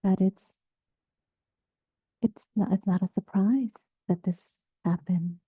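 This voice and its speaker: Woman meditation teacher, unhurried and soft-spoken, slightly husky, heard through a tinny phone-like line. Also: mid-range voice, fairly even intonation, no room sound. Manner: gentle, halting, drops to near-whisper. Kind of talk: dharma talk. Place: meditation group session, also on video call.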